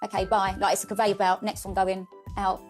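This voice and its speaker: A woman in her twenties or thirties talks very fast as a podcast guest. She tells candid stories about her son and keeps the telling animated and chatty. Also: mid-range voice, soft background music. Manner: chatty, animated, quotes people in lively voices. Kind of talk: candid storytelling conversation.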